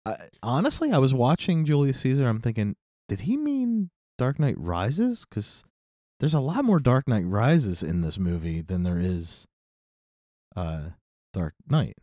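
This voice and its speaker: A man's voice: fairly low pitch, sing-song, mellow, no echo, studio quality. A man co-hosting a podcast, chatting casually and cracking jokes. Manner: joking, quick to laugh. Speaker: podcast co-host.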